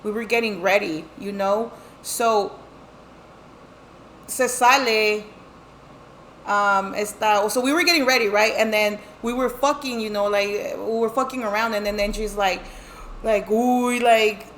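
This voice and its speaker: A woman's voice: mid-range voice, steady tone, measured pace, fairly bright tone, slight background noise. A middle-aged woman telling a family story in casual chat, switching between English and Spanish and acting out the voices of the people in it. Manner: heavy swearing, lots of fillers. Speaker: guest telling her life story.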